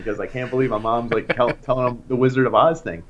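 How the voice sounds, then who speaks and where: A young man co-hosting a podcast, telling a story in casual chat and getting more animated as he goes. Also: mid-range voice, quick pace, highs cut off. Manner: animated anecdote-telling, rising to loud excitement. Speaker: podcast co-host.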